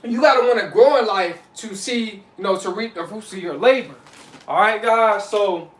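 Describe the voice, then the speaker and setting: A man's voice: high-pitched, normal speed, a bit bright. A man giving casual spiritual advice as a vlogger, loose and repetitive, saying "you know what I'm saying" often. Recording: echoey room, mic at a distance.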